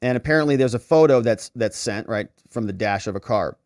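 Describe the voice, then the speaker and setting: A man's voice: mid-range voice, fairly quick, darkish tone, no echo, clean studio sound. A man hosting a legal commentary show, talking casually and thinking aloud as he walks through a set of messages. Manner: thinking aloud, conversational, with fillers.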